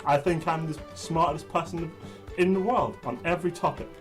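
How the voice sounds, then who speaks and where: Rambling young-sounding man pitching himself. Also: steady tone, normal speed, soft background music. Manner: rambling comic pitch with many restarts. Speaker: player. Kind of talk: casual game chat.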